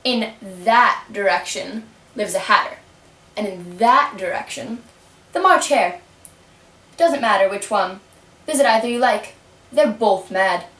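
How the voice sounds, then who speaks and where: Teasing puppet cat played by a woman, slow lower drawl, distant roomy sound. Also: fairly bright tone, natural voice. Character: grinning mysterious male cat, calm and teasing. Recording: roomy, mic set far off.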